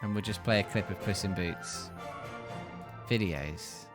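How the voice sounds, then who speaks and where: A man's voice: deep voice, a little slow, music in the background. A British man streaming a game, chatting casually and fumbling with his screen share. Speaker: streamer playing a game with a co-host. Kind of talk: casual live-stream chat.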